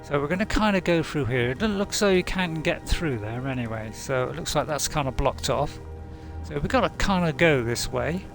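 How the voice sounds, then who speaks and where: A man's voice: fairly high pitch, lively intonation, normal speed, gravelly, music in the background. A man, a game streamer, giving casual, rambling let's-play commentary full of asides. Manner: chatty, rambling, many fillers and asides.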